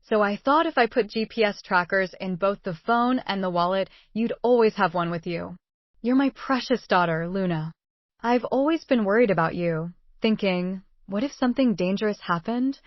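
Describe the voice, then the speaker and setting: A woman's voice: medium pitch, normal speed, no room sound, lo-fi sound, natural voice. A woman voicing a clueless, controlling middle-aged mother who talks in a nonchalant, wheedling way.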